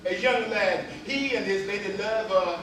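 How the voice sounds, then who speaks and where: A man's voice: high-pitched, moderate pace, fairly bright tone, pitched below the performer's own voice. A man playing a grandiose Romeo who calls himself the greatest lover, in a pompous, theatrical way. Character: grandiose Romeo, self-proclaimed greatest lover, male adult. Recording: echoey hall from far off with audience.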